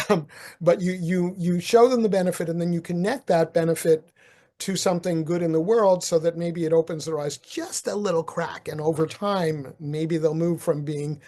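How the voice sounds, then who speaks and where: An older man from the United States, a marketing author, talking casually as a podcast guest and telling stories with animated chuckles. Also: fairly high pitch, normal speed. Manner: animated storyteller, chuckles, restarts. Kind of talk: casual interview talk.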